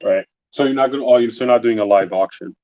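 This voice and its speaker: A man's voice: mid-range voice, quick pace, no echo, highs cut off. A man co-hosting a live stream, chatting casually and teasing the artist, often breaking into laughs. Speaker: co-host. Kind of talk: casual chat.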